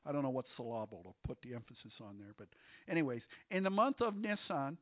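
A man's voice: medium pitch, very animated, a little fast, dry recording. A male pastor preaching a sermon in a conversational way, quizzing the congregation with questions. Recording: dull, lo-fi sermon audio.

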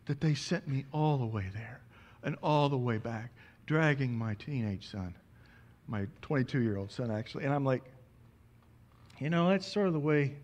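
A man in his forties, a pastor preaching a sermon, telling a lively personal story and acting out the dialogue. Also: mid-range voice.

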